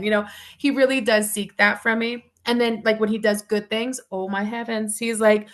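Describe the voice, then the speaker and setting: A woman's voice: a little high, level tone, normal speed. Chatty woman teacher who laughs often. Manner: chatty, laughs often, acts out children's voices. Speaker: childcare teacher. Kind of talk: casual conversation.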